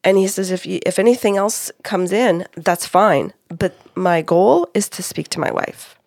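A woman's voice: mid-range voice, moderate pace, gravelly, no echo, studio quality. A middle-aged woman co-hosting a talk show, animatedly telling the story of a reading and quoting the people in it. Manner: animated, quotes spirits and clients, laughs often. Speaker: psychic medium, co-host.

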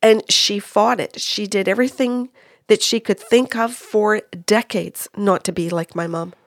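A woman's voice: medium pitch, fairly even intonation, measured pace, dry recording, studio quality. A woman recounting a reading she gave as a medium, retelling what people said in quotes, with many restarts. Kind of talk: casual storytelling.

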